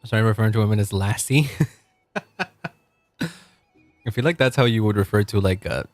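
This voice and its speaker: A man's voice: fairly low pitch, moderate pace, dry recording, soft background music. A man in his late twenties, a streamer chatting casually and rambling while he plays, laughing often. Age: 20s. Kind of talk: casual live-stream chat while gaming.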